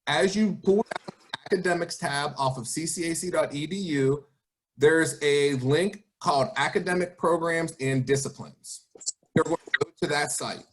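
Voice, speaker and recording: A man with a somewhat high voice gives an online presentation to students, speaking over a video call. He encourages them with rhetorical questions as he walks through his advice. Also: normal speed. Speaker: college guest speaker.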